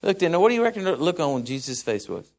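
Animated, lively-voiced man preaching. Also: a little high, fast. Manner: animated, conversational, musing aloud with self-corrections. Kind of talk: sermon.

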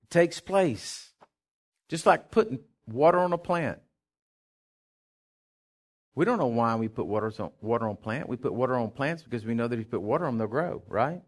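Animated preaching man. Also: mid-range voice, a little fast. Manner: animated preaching, swings from hushed to shouted. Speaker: pastor. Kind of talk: sermon.

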